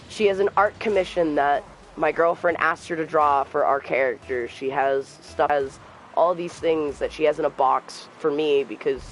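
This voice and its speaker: A young man streaming a game, telling a personal story in a soft, halting voice and trash-talking the game now and then. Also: fairly high pitch, a little hiss or hum, rough recording. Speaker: gamer streamer. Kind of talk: casual storytelling while gaming.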